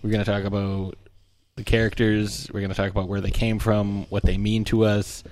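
A man's voice: lowish voice, little pitch movement, a little fast, a little mellow, no room sound. A man in his thirties co-hosting a podcast, chatting casually and trading teasing jokes. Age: 30s. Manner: joking, teasing banter. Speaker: podcast co-host. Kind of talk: casual chat.

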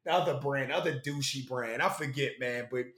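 A man's voice: mid-range voice, fairly quick, fairly bright tone, roomy sound. A young man in casual chat, rambling and swearing a lot, often saying bro and yo. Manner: profane, rambling, says bro and yo.

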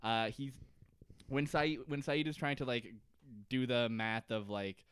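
A man's voice: medium pitch, a little slow, fairly bright tone, smooth, dry recording. A man co-hosting a casual comedy podcast, recapping an episode, laughing often and acting out characters' lines. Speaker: podcast co-host.

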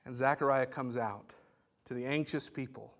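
A man's voice: mid-range voice, fairly even intonation, moderate pace, fairly bright tone. A man pastor giving a sermon, teaching in a conversational way with asides and restarts.

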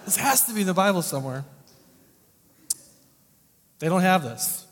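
A wry conversational preacher in a reverberant hall. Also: male voice, high voice, sing-song, normal speed. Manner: conversational, wry, wide swings between loud emphasis and quiet asides. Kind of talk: sermon.

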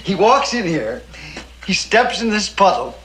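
Scheming prankster, gloating, chuckling, lively high voice, old TV clip. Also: male voice, measured pace, reverberant, heavily acted, rough recording. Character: scheming gleeful male prankster, adult. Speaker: Clyde, a character in a 1960s sitcom clip. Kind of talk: 1960s sitcom acting. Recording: clip from an old TV episode with faint background noise.

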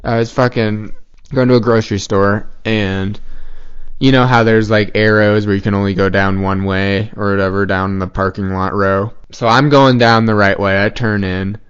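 A man's voice: lowish voice, fairly even intonation, normal speed, clear, resonant tone. A young man telling a rambling story in casual podcast chat, full of filler words and swearing. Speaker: podcast co-host. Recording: dull lo-fi podcast audio.

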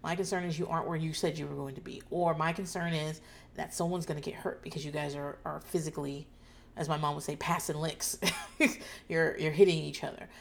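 A woman host talking casually and loudly about a show, profane and animated, acting out people's lines in shouts. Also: low voice, fairly quick, vocal fry, a little hiss or hum. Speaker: podcast host recapping a TV show. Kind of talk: casual chat.

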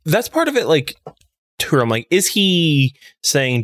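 A man's voice: on the high side, sing-song, a little slow, fairly bright tone, no echo. A young man co-hosting a casual chat, rambling through theories with many filler words. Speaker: podcast co-host.

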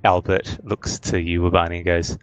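A man running a tabletop game as game master, narrating in a measured, halting way. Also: deep voice, level tone, clear, resonant tone, soft background music, poor audio.

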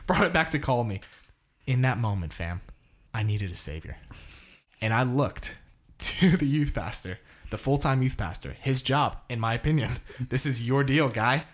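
A man hosting a casual chat, telling a story with lots of laughter and acted-out quotes. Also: mid-range voice. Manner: animated, laughs often, acts out quotes.

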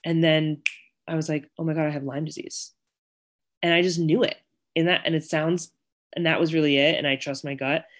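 A woman's voice: sits low, steady tone, fairly quick. A young woman talks as an interview guest, loose and chatty, full of likes and ums. She tells her story by acting out what people said. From Connecticut and Virginia, US. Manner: chatty, many fillers, acts out quoted voices.

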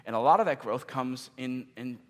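A man preaching a sermon as pastor, earnest and emphatic, slowing down for key questions and hitting some words hard. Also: mid-range voice. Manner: earnest, emphatic, with sudden loud stresses and slowed key questions. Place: church meeting in a gym. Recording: long reverb of a large gym.

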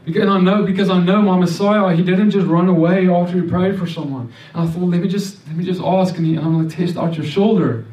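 With highs cut off and a roomy echo from a distant mic, a man in a high, slightly mellow voice gives a personal faith testimony. He speaks fast with few pauses and fairly even intonation, earnestly telling his story while frequently restarting and repeating words.

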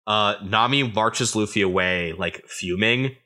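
Pitched fairly low but pushed and bright, this male podcast co-host recaps a manga chapter by chapter. His relaxed banter is peppered with jokes and brief impressions of characters' lines.

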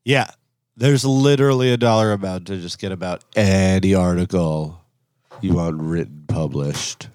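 A man's voice: sits low, moderate pace, a little mellow, dry recording. A man co-hosting a podcast in casual chat, with short, dry, joking interjections. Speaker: podcast co-host.

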